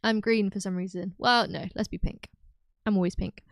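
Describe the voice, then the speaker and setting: A woman's voice: medium pitch, steady tone, moderate pace, gravelly, no echo. A young woman streaming live, chatting casually with her viewers, giggling often and filling her talk with "like" and "um". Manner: chatty, giggly, lots of fillers.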